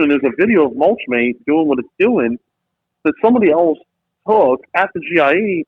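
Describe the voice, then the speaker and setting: A man, a business founder and podcast guest, telling a story in lively conversation and acting out quotes in different voices. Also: on the high side, normal speed, slight background noise. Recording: tinny phone-like line, dry.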